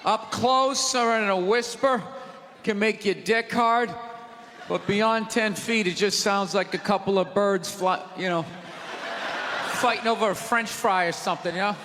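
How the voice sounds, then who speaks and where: A man's voice: sits high, unhurried, bright, forceful tone, slight background noise. A man in his forties doing a profane, exasperated stand-up rant on a big theater stage, with the audience laughing. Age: 40s. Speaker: stand-up comedian. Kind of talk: stand-up routine. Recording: live theater with long reverb.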